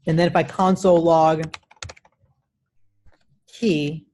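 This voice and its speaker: Brief: male coding instructor, relaxed classroom lecture, talks while typing. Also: a little high, takes it slowly, slight background noise. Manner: casual, many restarts, says "right?" often.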